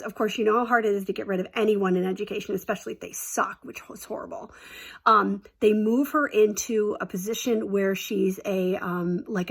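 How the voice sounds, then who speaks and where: A woman's voice: medium pitch, vocal fry. A woman telling a story from her teaching days in a chatty, exaggerating way, full of fillers. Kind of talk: casual storytelling.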